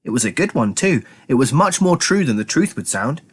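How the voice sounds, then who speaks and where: Man voicing a bossy girl, theatrical, lifted voice, leaping pitch, storybook. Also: sing-song, brisk, slightly rough. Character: bossy, dramatic young girl who loves adventure stories.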